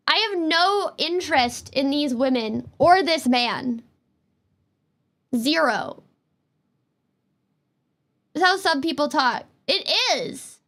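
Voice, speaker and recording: High bright-voiced woman streamer from Canada. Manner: rambling, exasperated, fast-talking. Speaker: VTuber streamer. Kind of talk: casual gameplay commentary.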